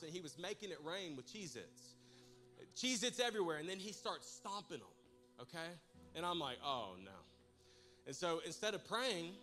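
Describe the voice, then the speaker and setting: A man preaching to his congregation, telling a comic personal story with animated, humorous delivery. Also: high voice. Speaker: pastor. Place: church service in a large room.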